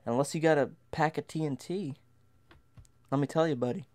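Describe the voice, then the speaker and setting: A man's voice: on the high side, fairly quick, darkish tone. Stammering man spinning a wild tale. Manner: dramatic, stammering with many restarts. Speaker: storyteller. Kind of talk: comic tall-tale monologue.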